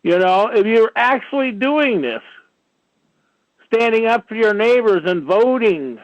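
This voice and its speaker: A man's voice: sits high, animated, measured pace, no room sound. A man hosting a talk radio show, ranting in a rambling monologue packed with "you know"s, on dull lo-fi audio. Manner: ranting, filler-heavy, many "you know"s.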